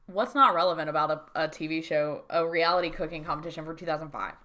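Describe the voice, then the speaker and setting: A woman's voice: sits low, fast talker, sharp tone. A woman co-hosting a podcast, chatting casually and acting out quotes in put-on voices. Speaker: podcast co-host. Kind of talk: casual chat recapping a show.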